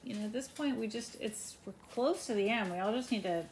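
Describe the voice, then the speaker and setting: A young woman co-hosting a casual recap chat, talking fast and acting out the quotes she retells. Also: on the high side, background noise. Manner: chatty, acts out quotes with emphasis. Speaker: podcast co-host.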